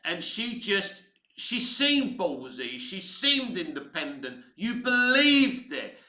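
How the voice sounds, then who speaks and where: Bright, enthusiastic man in his fifties. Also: high-pitched, sing-song, slow, roomy sound. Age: 50s. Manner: enthusiastic, rambling, conversational. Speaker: film commentator. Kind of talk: casual film commentary.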